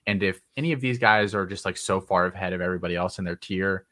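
A man with a very deep voice that still has a bright, forceful edge, explaining the group's plan on an online call. The audio is dry and close, and his talk is loose and conversational. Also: quick pace, no echo. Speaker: fantasy football analyst. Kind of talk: casual group call discussion.

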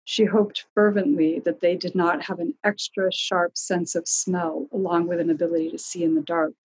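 A woman narrates a storybook in a calm, measured reading voice. Her tone is low and somewhat breathy, with a husky grain. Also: rough recording.

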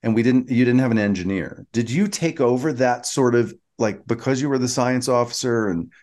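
A man's voice: mid-range voice, a little fast, darkish tone. A man co-hosting a podcast, recapping scenes in casual chat and steering the talk back on track. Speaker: podcast co-host.

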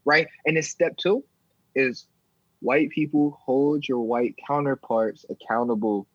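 Calm podcast guy keeping things on track, kinda breathy, dry dull sound. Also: mid-range voice, dry recording. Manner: measured, moderating, repeats words. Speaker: podcast co-host. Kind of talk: podcast discussion.

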